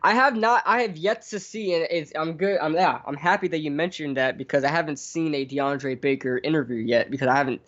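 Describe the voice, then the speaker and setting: Man, sports podcast co-host, rambling chat, slightly high voice, dull lo-fi sound. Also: brisk, hardly any pauses, a bit bright. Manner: rambling, many restarts and fillers. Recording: dull lo-fi stream audio.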